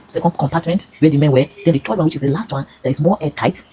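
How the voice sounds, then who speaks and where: Fast-talking Nigerian woman, low dark voice. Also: a little hiss or hum, poor audio. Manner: earnest, pleading, storytelling. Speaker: consumer reviewer. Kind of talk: emotional personal testimony.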